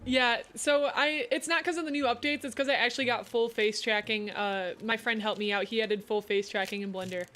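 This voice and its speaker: A woman's voice: fairly high pitch, fairly even intonation, a little fast, few pauses, fairly bright tone. A young woman streamer chatting casually, filling her talk with "like.". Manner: chatty, says "like" a lot. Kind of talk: casual chat.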